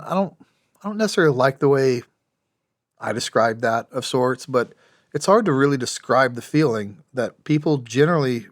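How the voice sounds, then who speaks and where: A man's voice: mid-range voice, dry recording, studio quality. A man in his forties, a podcast guest and former special operations soldier, telling stories plainly and wryly, with frequent restarts. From United States. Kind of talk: storytelling in a podcast interview.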